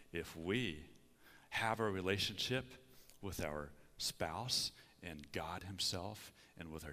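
A man's voice: low voice, bright, forceful tone. A middle-aged man preaching a sermon in a church, folksy and conversational, often checking in with his listeners. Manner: folksy, conversational, frequent "okay?" asides. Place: church sanctuary. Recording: long hall reverb.

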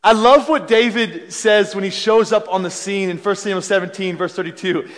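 A young adult man from Philadelphia, preaching a sermon as a pastor and telling stories with animated voices. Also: high-pitched, normal speed. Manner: storytelling, animated, acts out voices, self-deprecating laughs. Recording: long hall reverb.

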